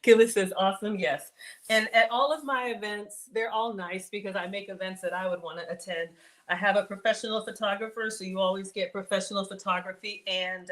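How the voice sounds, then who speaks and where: A woman's voice: medium pitch, fairly bright tone. A woman chatting casually while hosting a live cooking stream, reading viewer comments aloud and laughing often. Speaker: livestream cooking host.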